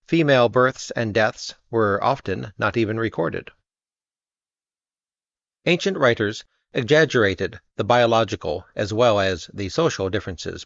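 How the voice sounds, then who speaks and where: Low gravelly man reading an essay. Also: fairly bright tone, no echo. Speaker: reader. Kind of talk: scripted narration of an essay. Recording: dull lo-fi dry recording.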